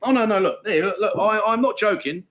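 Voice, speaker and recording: Outside in Pattaya, a middle-aged host chats on a relaxed livestream, reading viewer comments aloud in a matey, laughing manner. His voice is high-pitched and a little fast, with lo-fi sound.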